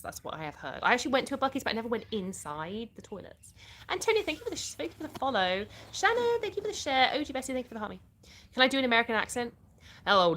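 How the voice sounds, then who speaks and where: A woman's voice: medium pitch, fairly bright tone. A middle-aged British woman from the UK, chatting casually on a live stream, reading and answering viewers' comments and laughing often. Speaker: livestream host.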